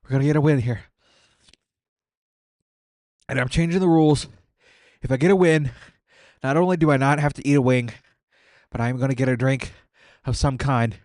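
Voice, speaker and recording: A man's voice: medium pitch, fairly even intonation, normal speed, pauses often, a little mellow, no echo, clean studio sound. A man streaming a game while eating painfully spicy wings, sweating, teary and groaning in exasperation as he keeps commenting. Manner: groaning and exasperated, talks through suffering. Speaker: gaming content creator. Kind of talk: casual gameplay commentary.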